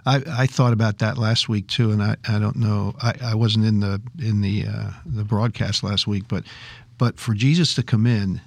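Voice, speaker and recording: A man's voice: lowish voice, steady tone, normal speed, creaky, darkish tone, dry recording. A man thinking aloud in a casual faith discussion, hesitant and correcting himself. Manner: thoughtful, hesitant, self-correcting. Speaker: discussion panelist.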